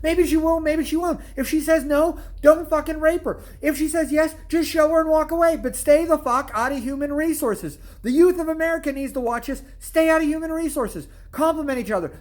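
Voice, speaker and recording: A man's voice: extremely high pitch, a little fast, hardly any pauses. A man hosting his own channel, telling stories in a blunt, crude comedic rant and swearing constantly. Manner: storytelling with repeated "I'm like" asides. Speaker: channel host. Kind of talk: profane comedic rant to camera.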